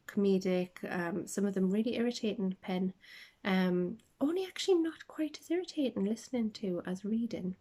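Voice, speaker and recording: A woman's voice: on the low side, vocal fry. Rambling chatty woman podcaster on a phone. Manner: chatty, rambling, lots of ums and tangents; drops to a soft half-whisper at times. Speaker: podcast host. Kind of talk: casual chat about books.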